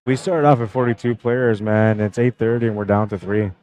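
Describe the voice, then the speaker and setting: A man's voice: on the low side, fairly even intonation, fairly quick, lo-fi sound. A young man casually commenting on a pool match on his live stream, chatting with viewers and greeting them by name. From Canada.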